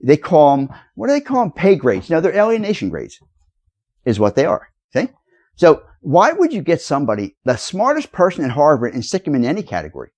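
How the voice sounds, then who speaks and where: A man's voice: on the high side, wildly swooping pitch, a little fast, a little mellow. A man ranting straight to his viewers in a rambling, accusatory, lecturing way. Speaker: video blogger. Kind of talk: rambling direct-to-camera rant.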